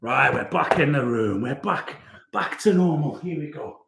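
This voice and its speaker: A man's voice: fairly high pitch, animated, moderate pace, vocal fry, reverberant, noisy background. A man, a youth worker chatting casually and cheerfully on a livestream, laughing often. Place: room at home.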